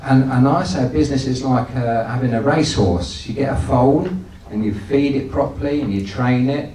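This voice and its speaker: In an echoey event hall, with the mic some distance away, a man speaks as a guest, offering a folksy business talk full of anecdotes and frequent restarts. His mid-range voice has a dark tone and moderate pace, barely pausing, with a little hiss or hum.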